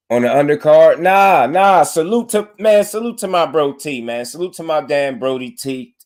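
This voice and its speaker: A young man hosting a casual boxing livestream, animated and slangy, talking straight to his chat. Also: mid-range voice.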